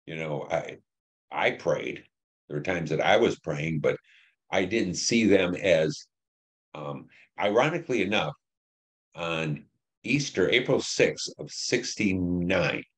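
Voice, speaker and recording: A man in his seventies, a war veteran being interviewed, recounting his memories in a blunt, profane storytelling manner. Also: low voice. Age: 70s.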